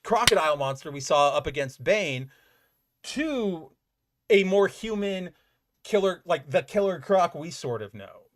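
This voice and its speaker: On his comic book podcast, a man recaps an issue in lively, casual talk, peppering it with "like" and swearing freely. His voice is high and he speaks a little slowly.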